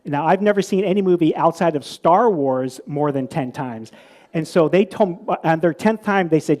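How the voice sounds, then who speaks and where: Guy preaching casually to a crowd, kinda high voice, rambly storytelling, lots of restarts, asks the audience stuff. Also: normal speed. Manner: relaxed storytelling, repeats and restarts words, asks the audience questions. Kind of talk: conversational sermon.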